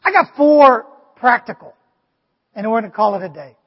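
A male pastor giving an animated sermon, often asking the congregation "Amen?". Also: extremely high pitch, normal speed, slightly rough. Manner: animated, preachy, asks the crowd "Amen?". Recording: dull, long hall reverb.

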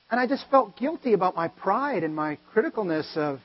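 A man preaches in a high, husky voice, moving between loud animated storytelling and quiet earnest asides. His words ring out with the long reverb of a large hall. The recording sounds dull and lo-fi. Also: a little fast, hardly any pauses. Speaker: pastor. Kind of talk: sermon.

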